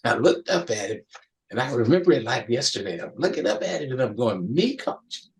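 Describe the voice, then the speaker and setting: A man's voice: medium pitch, sing-song, brisk, creaky. An older man, a podcast guest, telling an emotional story from his youth with emphatic restarts. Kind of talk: storytelling in an interview.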